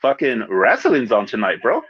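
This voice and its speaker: A man chatting casually as a guest, using relaxed slang and calling his friend "fool" and "dog.". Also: medium pitch, normal speed, slightly rough, highs cut off. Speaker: guest on a live-stream chat. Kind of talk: casual chat.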